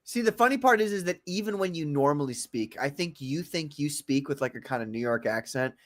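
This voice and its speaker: A man's voice: a little high, lively intonation, brisk, no echo. A man co-hosting a podcast, trading crude, teasing jokes in loose banter. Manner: mocking, jokey, teasing. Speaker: podcast co-host.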